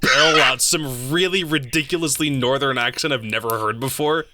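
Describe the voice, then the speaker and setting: A man co-hosting a casual podcast who throws in quick, wisecracking jokes and asides. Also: mid-range voice. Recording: loud background noise on mic.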